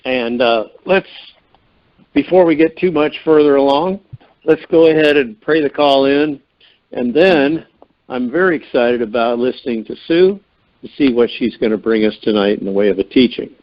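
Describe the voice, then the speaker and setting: A man's voice: mid-range voice, normal speed, muffled recording. A man hosting a call-in show, opening with a friendly, upbeat welcome and a spoken prayer. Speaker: host.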